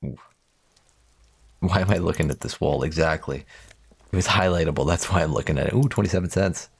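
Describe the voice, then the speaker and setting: A man's voice: low-pitched, brisk, creaky, slightly rough. A young man livestreaming a game, reading its text aloud with playful, profane asides. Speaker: streamer. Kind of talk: casual gaming commentary.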